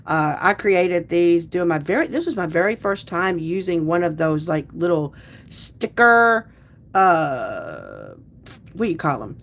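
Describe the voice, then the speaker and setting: A woman's voice: fairly low pitch, sing-song, measured pace. A woman hosts a casual livestream, chatting loosely with viewers and reading out their comments. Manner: chatty, rambling, restarts sentences. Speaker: livestream host.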